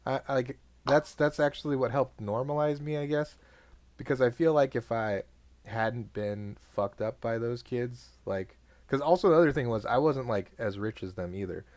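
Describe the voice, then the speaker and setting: A man's voice: medium pitch, normal speed, darkish tone, dry recording. Rambling young man with dry sound. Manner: rambling, lots of "like", laughs often. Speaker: podcast co-host. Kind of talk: casual chat.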